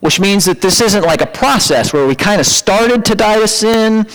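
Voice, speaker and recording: A man preaching a conversational sermon, animated, with sudden high-pitched emphatic asides. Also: moderate pace, poor audio. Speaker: pastor.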